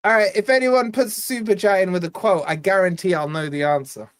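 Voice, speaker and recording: A chatty man hosts a live football watch-along stream. He teases his viewers in loose, casual banter and then snaps into quick bursts of match commentary. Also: high-pitched, dry recording. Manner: chatty, teasing, jumps between quiz talk and play-by-play. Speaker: fan channel host doing live match watch-along.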